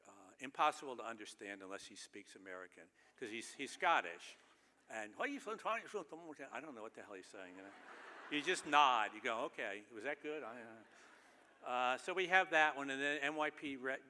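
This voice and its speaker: Male keynote speaker, bright tone, dry humorous storyteller, recorded in a reverberant theater. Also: mid-range voice, moderate pace. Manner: wry, self-deprecating storytelling with chuckles. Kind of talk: humorous anecdotal speech. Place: large theater stage. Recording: long reverb of a large theater.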